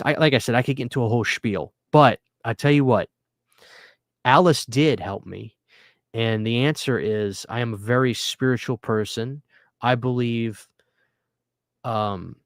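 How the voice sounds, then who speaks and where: A man's voice: mid-range voice, no echo, clean studio sound. Rambling late-night livestream host, man. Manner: rambling, earnest, thanks viewers often. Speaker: livestream host reading viewer comments. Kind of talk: casual late-night live chat. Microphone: studio microphone.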